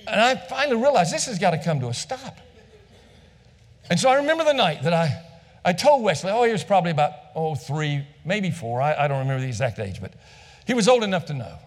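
A male pastor preaching and telling a story from the pulpit, his fairly high voice swinging up and down as he acts out each exchange. He repeats phrases for effect, and his words ring out with the long reverb of a large hall. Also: big pitch swings, fast. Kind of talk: storytelling sermon.

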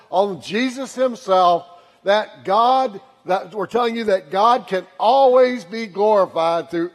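A man preaching a sermon, starting conversational and lightly joking, then building to fervent repeated calls. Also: high-pitched. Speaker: pastor. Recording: long hall reverb.

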